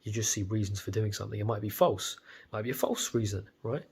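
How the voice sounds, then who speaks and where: A man's voice: lowish voice, steady tone, fast, vocal fry, a little mellow, slight background noise. A young British man with a stuffy cold, talking bluntly and profanely in a rambling casual monologue. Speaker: vlogger.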